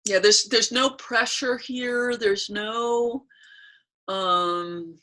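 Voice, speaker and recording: A woman leading a training session over a video call. She speaks softly and reflectively, unhurried, often pausing to search for words. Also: a little high, steady tone. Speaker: workshop facilitator.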